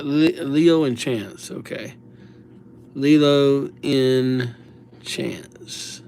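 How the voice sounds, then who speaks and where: A middle-aged man chats with his stream viewers in an unhurried, easygoing way, handing out playful nicknames. His voice sits at an ordinary middle pitch. A faint hum of room ambience stays under the recording. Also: gravelly, darkish tone. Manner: chatty, greets viewers by name, playful nicknames. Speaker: livestream host writing viewers' names. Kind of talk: casual livestream chat.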